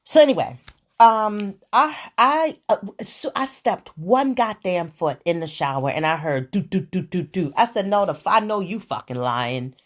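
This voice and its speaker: A woman hosts her own show and talks straight to her listeners in a casual, sassy monologue full of swearing. Her pitch swings widely from line to line, and she tells her stories with lots of attitude. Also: normal speed. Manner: profane, animated, sassy storytelling. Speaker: podcast host.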